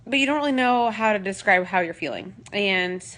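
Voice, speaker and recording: A pregnant vlogger in her late twenties speaks on the verge of tears in a rambling, personal video full of fillers. Her mid-range voice is a little bright, briskly paced, with lively intonation. Slight hiss or hum is audible.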